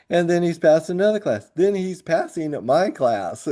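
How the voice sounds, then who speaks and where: A man who coaches high school track, telling a long story in an interview and laughing often as he goes. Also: moderate pace. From grew up moving around as a military kid. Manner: animated storyteller who laughs often through his tale.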